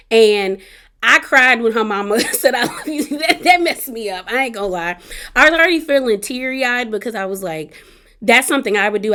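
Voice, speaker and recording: A woman's voice: medium pitch, fairly bright tone, smooth. Chatty woman rambling through a show recap. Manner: rambling, lots of fillers and restarts; heartfelt, personal asides. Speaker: reality TV recap vlogger.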